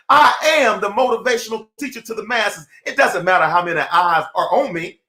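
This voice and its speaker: A high-voiced man preaching a live-streamed motivational talk with bright, cutting energy. He leans on casual slang and keeps stopping to greet viewers by name. The sound is roomy and echoey. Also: a little fast, hardly any pauses. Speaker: motivational speaker.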